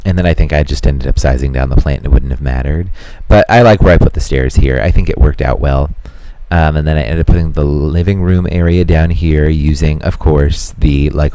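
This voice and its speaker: A man's voice: a bass voice, mellow, clear, resonant tone, dry recording. A man narrating a video voiceover in a casual, rambling way, with lots of fillers as he talks through what he did. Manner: rambling, chatty, many "like" fillers. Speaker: Sims house builder narrating a build.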